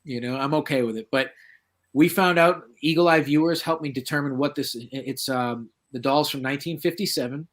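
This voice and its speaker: A man's voice: fairly high pitch, brisk. Middle-aged man telling a spooky story. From southeastern Massachusetts, USA. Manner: lively, acts out quoted voices. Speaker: guest paranormal researcher. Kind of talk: casual anecdotal storytelling.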